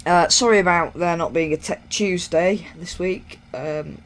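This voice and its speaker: In a high, somewhat bright voice, this man takes his time commenting on a train simulator he's playing for his YouTube channel. His talk is rambling, jokey and self-deprecating, and faint game audio plays behind him.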